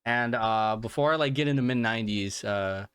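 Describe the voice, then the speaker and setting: Male podcast host, sick and fatigued, smooth voice, dry sound, swears and restarts a lot. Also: medium pitch, normal speed, fairly bright tone, dry recording. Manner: rambling, profane, lots of restarts and fillers. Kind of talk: casual solo podcast monologue.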